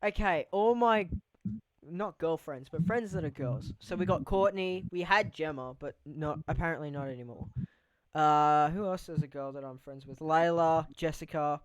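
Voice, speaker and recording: A man's voice: fairly high pitch, moderate pace, clean tone, dry recording, poor audio. A young man hosting a casual podcast, rambling loosely and swearing freely. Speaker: podcast host. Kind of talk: casual chat.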